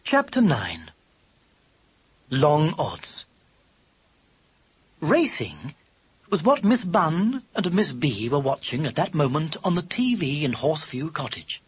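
Expressive breathy storybook narrator. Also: medium pitch, slow, long pauses. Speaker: audiobook narrator. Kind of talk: scripted narration of a children's novel.

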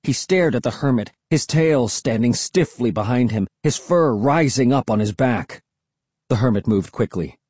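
An audiobook narrator giving a dramatic, expressive first-person reading. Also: mid-range voice, normal speed, slightly rough, dry recording.

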